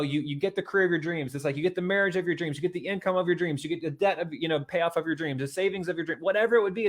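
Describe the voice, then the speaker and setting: A man's voice: high-pitched, fairly bright tone. A middle-aged man giving a motivational talk to his viewers, earnest and repetitive, rising to emphatic outbursts. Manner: earnest, repeats himself, builds to emphatic outbursts. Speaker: motivational video host.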